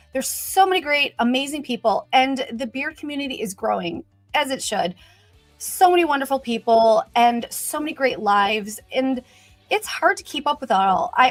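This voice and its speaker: Woman host, higher voice, upbeat and chatty, dry close sound. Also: no room sound. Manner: chatty and upbeat, many "you know" fillers. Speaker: host of a brand livestream. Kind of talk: casual livestream chat, greeting viewers and reading comments.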